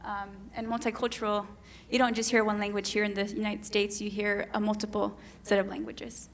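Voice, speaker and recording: A woman from Mexico giving a keynote talk as spoken poetry, with a measured, lyrical delivery that savors each word. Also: mid-range voice, level tone, a little hiss or hum. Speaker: keynote speaker. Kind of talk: poetic spoken presentation. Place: conference hall.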